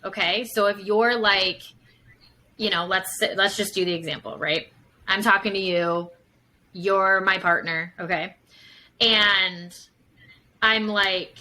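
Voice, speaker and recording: A woman's voice: medium pitch, fairly even intonation, takes it slowly, pauses often, pushed and bright, rough recording. A woman psychotherapist talking casually as a podcast guest, full of fillers and acting out examples as she explains. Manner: chatty, many fillers, acts out examples.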